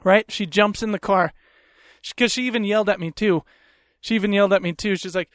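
A man hosting a podcast, telling a story in a profane, animated rant into a close mic. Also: high voice, brisk, no echo. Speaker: podcast host. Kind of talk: comedic storytelling.

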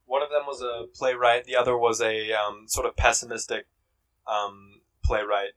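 Deadpan teasing young man. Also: mid-range voice, moderate pace, recorded from a distance, poor audio. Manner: dry teasing, deadpan quips. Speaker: podcast co-host. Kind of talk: casual chat.

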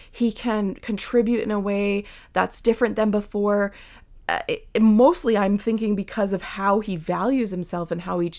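A woman's voice: mid-range voice, gravelly. A woman giving a reflective devotional talk, earnest, sometimes dropping to a whisper and acting out the story. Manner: earnest and reflective, drops to whispers for quoted voices; acts out Bible characters with lively shifts.

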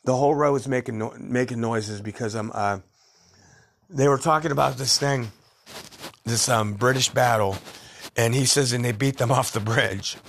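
On a casual memoir podcast, a male storyteller rambles through tales of his youth, swearing freely and laughing at his own stories. His voice is medium-pitched, gravelly and fairly bright, at a moderate pace.

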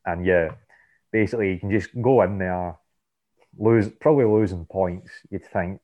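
A man with a very low voice chats about sports as a podcast guest, stumbling and repeating himself while he finds his point. The sound is dull and lo-fi, as from a cheap mic. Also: moderate pace. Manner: hesitant, stumbles and repeats words. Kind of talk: casual sports chat.

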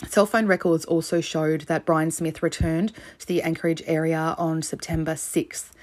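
A woman with a notably low, deep voice tells a true crime case in an easygoing, conversational way. She tosses in profanity and blunt offhand remarks as she goes. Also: flat delivery, moderate pace, a little mellow. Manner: blunt and chatty, swears freely, offhand asides. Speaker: true crime podcast host. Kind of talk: casual true crime storytelling.

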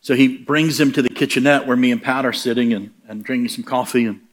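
A man's voice: mid-range voice, fast. A man preaching who tells a story and acts out the voices in it. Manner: animated, acts out the voices in his stories. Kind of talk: sermon storytelling.

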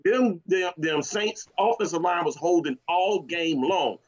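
Griping fan on a muffled line. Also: male voice, a little high, unhurried. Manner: drawling, gripes and makes excuses. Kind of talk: casual sports complaining.

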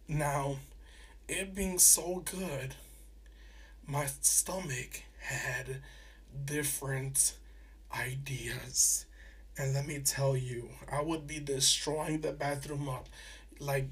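A man's voice: on the high side, distant mic. Chatty young man a bit off-mic. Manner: chatty and animated, with many fillers and restarts. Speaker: podcast host. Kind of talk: casual solo podcast storytelling.

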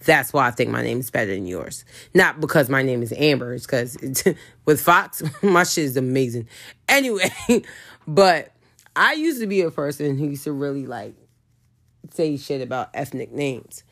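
Low voiced woman ranting casually, blunt and cussing a lot. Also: lively intonation, normal speed, fairly bright tone. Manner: blunt, profane, emphatic. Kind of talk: casual monologue.

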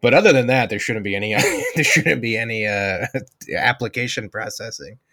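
A man's voice: medium pitch, expressive, normal speed, bright, forceful tone. A man in casual conversation, loose and chatty, laughing often. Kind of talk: casual chat.

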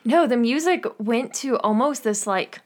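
A woman's voice: fairly high pitch, lively intonation, a little slow, a little mellow. A young adult woman co-hosting a podcast in casual chat, hesitant and giggly with many fillers. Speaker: podcast co-host.

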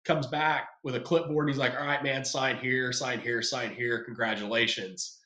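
A man's voice: mid-range voice, fairly even intonation, normal speed, sharp tone. A man from California spins a story in loose, slangy talk, putting on the voices of the people he met. His voice sits in the middle range. The room around him has an audible echo. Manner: laid-back, slangy, acts out quoted voices. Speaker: guest. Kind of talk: casual storytelling. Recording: roomy echo.

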